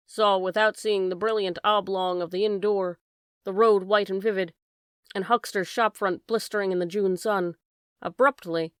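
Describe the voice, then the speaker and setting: A woman narrating an audiobook of a classic novel in a measured, even reading. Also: mid-range voice, clean tone, no echo, studio quality. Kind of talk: scripted narration.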